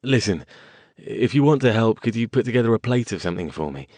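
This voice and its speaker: A man narrating an audiobook and voicing an exhausted mage who speaks in a clipped, hurried, apologetic way. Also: medium pitch, animated, darkish tone, no echo, voice pushed up, close to an everyday voice. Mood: weary, urgent. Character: tired, hurried English mage, adult man, polite but evasive.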